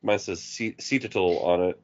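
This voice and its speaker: A man's voice: sits low, measured pace. A man co-hosting a podcast, telling profane stories in casual chat and laughing at his own jokes, from Eugene, Oregon. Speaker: podcast co-host. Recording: dull lo-fi sound.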